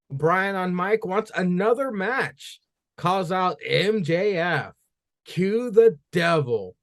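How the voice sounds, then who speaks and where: Man, fairly high voice, brisk recap, wry profane asides. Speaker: podcast host. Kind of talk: casual show recap.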